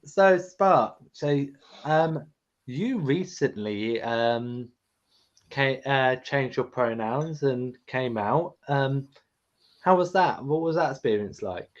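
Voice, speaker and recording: A man's voice: medium pitch, slow pace. A man hosting a casual live stream, playful and chatty as he asks his guest questions. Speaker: host. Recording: dull lo-fi stream audio.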